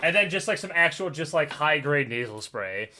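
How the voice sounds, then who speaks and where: A man in his thirties chatting on a casual podcast, his voice hoarse and cracking as it recovers. His tone is bright and sits a little high, and he laughs and swears his way through a long story. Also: animated, moderate pace. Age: 30s. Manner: rambling storyteller, laughs often, swears freely. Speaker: podcast co-host. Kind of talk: casual chat.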